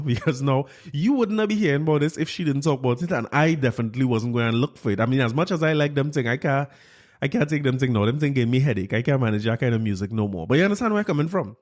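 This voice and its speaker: Animated Trinidadian man hosting a podcast. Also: medium pitch. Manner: animated storytelling with frequent laughs; conversational, addresses listeners directly. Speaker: podcast host. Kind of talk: casual podcast monologue.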